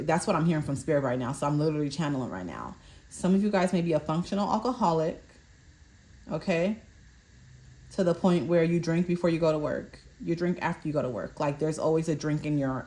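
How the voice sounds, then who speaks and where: A woman's voice: low-pitched, mellow. A woman doing a collective fortune card reading, reading card meanings aloud, stumbling over words and checking in with "okay?". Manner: repeats "okay?" to check in with viewers. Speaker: tarot reader.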